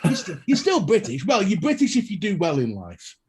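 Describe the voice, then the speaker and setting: A man's voice: high voice, huge pitch swings, a little fast, darkish tone, husky. A man co-hosting a live chat show, telling stories and crude jokes. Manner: crude joking storyteller. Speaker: co-host. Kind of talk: casual live-stream banter.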